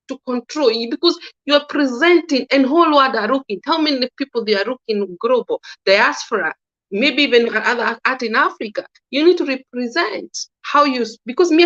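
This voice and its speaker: A woman's voice: fairly high pitch, a bit bright. A woman giving her earnest opinion in a casual monologue, often restarting and repeating herself. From Kenya. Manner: earnest, repetitive, restarting sentences. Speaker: commentator. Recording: dull lo-fi sound.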